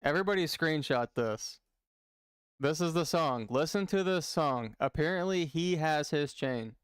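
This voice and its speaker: A man's voice: fairly high pitch, expressive, unhurried, clean tone, no echo, clean studio sound. A man hosting a stream, commenting casually and with amusement on clips. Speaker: stream reaction host.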